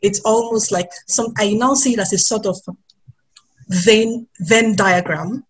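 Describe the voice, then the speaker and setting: Nigerian woman in her thirties, expressive. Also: mid-range voice, unhurried, husky, rough recording. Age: 30s. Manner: expressive, laughing, reflective storytelling. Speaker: panel guest. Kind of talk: webinar panel discussion.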